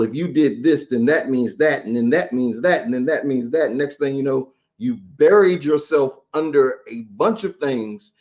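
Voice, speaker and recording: A man hosting an interview, asking questions slowly with frequent restarts and repeated words. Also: mid-range voice, darkish tone, highs cut off. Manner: halting, repeats words when starting. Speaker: podcast host.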